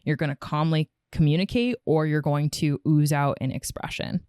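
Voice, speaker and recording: A woman co-hosting a relationship podcast, explaining ideas in a calm, steady teaching tone. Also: low voice, moderate pace, smooth, dry recording, studio quality. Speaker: co-host. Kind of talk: casual podcast chat.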